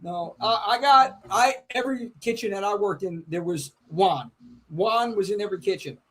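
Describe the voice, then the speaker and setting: High-voiced, jokey man. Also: moderate pace, fairly bright tone. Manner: jokey, hyped, says "yo" and "man". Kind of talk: casual chat.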